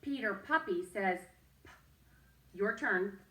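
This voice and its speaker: A woman's voice: fairly high pitch, lively intonation, a little slow, a bit bright, echoey room, recorded from a distance. A woman teacher leading a young children's phonics lesson, patient and sing-song, coaxing them to repeat after her. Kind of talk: early-reading phonics lesson.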